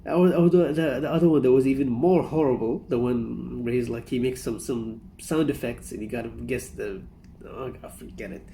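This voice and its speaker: A man's voice: medium pitch, fairly even intonation, moderate pace, creaky, mellow, slight background noise. A man hosting a casual reaction commentary, rambling and amused, often breaking into laughter. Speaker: reaction video host.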